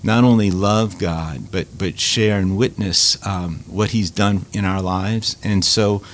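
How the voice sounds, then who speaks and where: Deep-voiced man, halting. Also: fairly even intonation. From Louisiana. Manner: halting, repeats words, many fillers. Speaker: Catholic food ministry leader. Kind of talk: casual interview storytelling.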